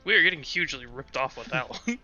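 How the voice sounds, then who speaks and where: A man's voice: mid-range voice, lively intonation, fast talker, music in the background. A man playing in a tabletop game, chatting casually about his character. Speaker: player. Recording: dull lo-fi recording.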